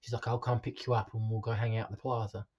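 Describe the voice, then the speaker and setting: A man telling his own life story in a halting, confessional way, with frequent ums and restarts. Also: lowish voice, level tone, a little mellow.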